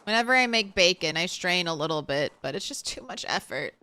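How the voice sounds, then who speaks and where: A woman's voice: lowish voice, expressive, brisk, bright, forceful tone, clear, resonant tone, dry recording. A woman from the Southern United States streaming a game and chatting with her viewers in a blunt, talkative way, swearing and laughing now and then. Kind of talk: casual chat while streaming a game.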